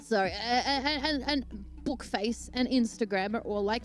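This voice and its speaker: A woman's voice: fairly high pitch, unhurried, soft background music. A young Australian woman giving a comedic rant, digressing and mocking people in put-on voices.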